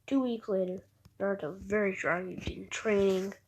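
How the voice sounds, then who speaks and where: A woman's voice: medium pitch, fairly even intonation, moderate pace, darkish tone, slight background noise. A woman casually retelling an invented fan story, rambling through events and recounting dialogue with "he's like", often dropping to a near whisper.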